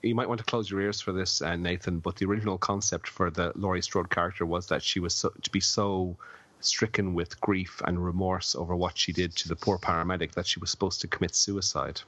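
Deep-voiced drunk man on a podcast. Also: flat delivery, a little fast, fairly bright tone, dry recording. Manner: rambling film trivia, filler-heavy. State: drunk, slurring words. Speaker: podcast co-host. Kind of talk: casual podcast chat. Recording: dull lo-fi dry sound.

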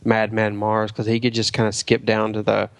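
A man's voice: lowish voice, monotone, normal speed, creaky, no room sound. A man co-hosting a casual podcast chat, making dry, wry remarks. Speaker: podcast co-host.

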